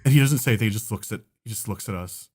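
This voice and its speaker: Young male podcast co-host; lively, profane storyteller who laughs a lot. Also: lowish voice, very fast, husky. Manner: animated, profane, breaks into laughter. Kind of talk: casual storytelling chat.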